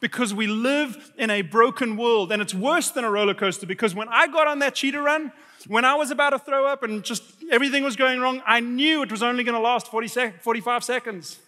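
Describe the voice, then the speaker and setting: A middle-aged man preaching a sermon, telling a story about himself in an animated, self-mocking way and acting out his own reactions. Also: extremely high pitch, a little fast. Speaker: pastor. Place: church hall. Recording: live church hall reverb.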